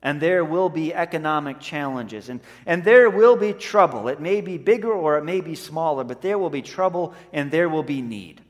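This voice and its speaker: A man's voice: fairly high pitch, normal speed, few pauses, big-room sound. A man preaching a sermon as pastor, earnest and conversational, telling a story and acting out voices in it.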